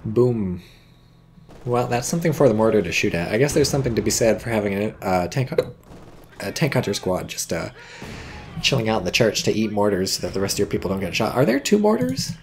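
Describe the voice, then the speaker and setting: A man's voice: fairly low pitch, sing-song, a little fast, a little hiss or hum. A man casually commentating a strategy game match, with a dry, rambling manner and hiccups, reading viewer chat aloud. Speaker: game caster.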